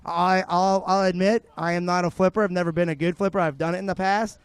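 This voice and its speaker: A man doing live play-by-play commentary, excitable and chatty, telling stories between runs and shouting on big tricks. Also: high-pitched, quick pace, clean tone, no room sound. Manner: chatty storyteller. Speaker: sports commentator.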